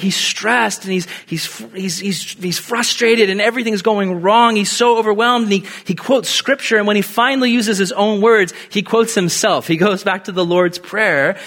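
A man with a fairly high voice delivers a casual, lively sermon. He talks to the congregation like a friend and acts out the people he quotes, rising and dropping his voice for effect. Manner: animated, conversational, acts out quotes with swings in pitch and loudness. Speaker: pastor.

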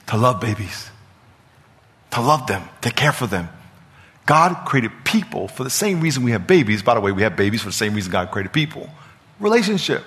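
A man's voice: mid-range voice, very animated, fairly quick, fairly bright tone. A man preaching a sermon as pastor, emphatic and repetitive, often stumbling and restarting his words. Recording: long reverb of a large hall.

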